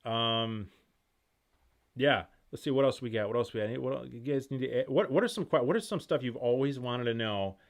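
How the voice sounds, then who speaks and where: A man hosting a casual live stream from home, rattling through viewer questions at a rapid clip and reacting to each one. His voice sits at a middle pitch with a plain, everyday tone. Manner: rapid, rambling, jumps between thoughts; reads chat comments aloud and reacts excitedly. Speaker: host of outdoor gear channel.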